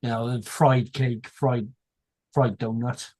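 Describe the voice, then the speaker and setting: A man's voice: mid-range voice, level tone, slow, a little mellow, slightly rough. A man chatting casually on a stream, musing aloud and cracking jokes. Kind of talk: casual online chat.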